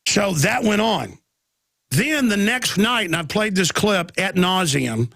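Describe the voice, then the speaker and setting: A radio host in his thirties with a Texan accent rambles through a long story, piling up restarts and acting out other people's lines. His voice sits high for a man and is gravelly. The sound is dry and close. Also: expressive, takes it slowly, pushed and bright, no echo. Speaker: radio talk show host. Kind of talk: live talk radio monologue.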